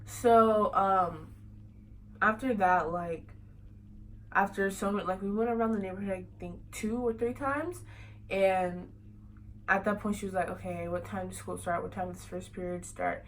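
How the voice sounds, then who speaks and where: A woman's voice: medium pitch, steady tone, unhurried, a little hiss or hum, rough recording. Young woman rambling through a story. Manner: rambling, many fillers like "like" and "you know". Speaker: vlogger. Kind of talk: casual storytelling.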